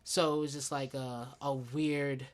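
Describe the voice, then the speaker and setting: A man's voice: medium pitch, little pitch movement, measured pace. A young man from Staten Island, New York, a musician being interviewed in a radio studio, talking candidly and reflectively, swearing freely. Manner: candid, reflective, swears freely, slips into quoted inner voices. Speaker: independent musician guest. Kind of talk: casual conversational interview.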